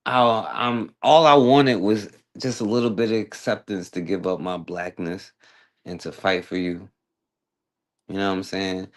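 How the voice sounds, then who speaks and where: Blunt, sarcastic man with a low voice. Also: fairly even intonation, unhurried. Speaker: talk radio host. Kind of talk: blunt social commentary.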